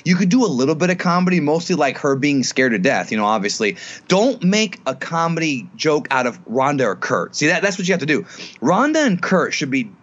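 A man co-hosting a casual wrestling podcast, animatedly pitching booking ideas with many restarts. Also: very animated, a little fast, fairly bright tone, lo-fi sound. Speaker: podcast co-host.

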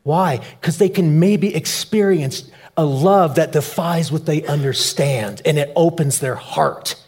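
A man preaching a sermon, shifting between soft low asides and loud, emphatic peaks. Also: husky. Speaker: pastor.

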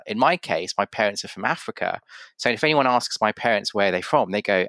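Gravelly low-voiced English man. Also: animated, normal speed, fairly bright tone, no room sound. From Yorkshire, England. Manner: reflective, rambling, with many restarts and acted-out quotes. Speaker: podcast host. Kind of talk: casual conversational interview.

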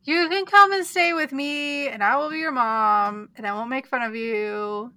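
A woman's voice: high voice, steady tone, normal speed, sharp tone, dry recording. A woman co-hosting a podcast, reacting with emphatic, swearing banter. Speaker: podcast co-host. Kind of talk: casual comic banter.

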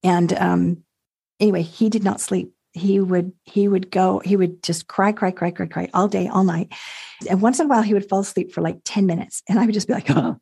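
Husky older woman telling lively stories. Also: mid-range voice, brisk, no echo. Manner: animated, laughs often, acts out quoted voices. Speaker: guest, lactation consultant and mother. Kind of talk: casual storytelling.

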